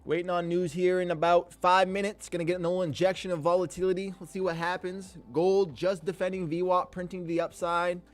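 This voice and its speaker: A man hosting a live trading stream, talking in an energetic, slangy way with the odd swear word and frequent shout-outs to viewers by name. His voice sits somewhat high for a man. Faint music plays quietly behind him. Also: brisk, hardly any pauses. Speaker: livestream host and day trader. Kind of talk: live trading commentary, casual chat.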